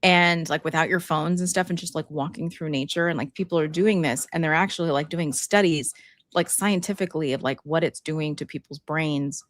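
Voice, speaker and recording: A woman's voice: low voice, a little fast, no echo. A middle-aged woman co-hosting a podcast, chatting casually with many likes and you-knows. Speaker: podcast co-host. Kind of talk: casual chat.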